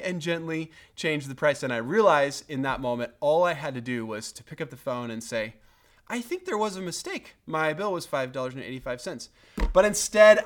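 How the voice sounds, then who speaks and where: A man preaching a sermon, telling a personal story in an animated way that builds and then settles. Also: fairly high pitch. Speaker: pastor.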